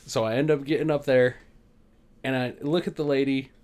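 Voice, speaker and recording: A man, a podcast co-host telling a profane, animated story in casual chat. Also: mid-range voice, normal speed, a crowd in the background. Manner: profane, animated storyteller who acts out other people.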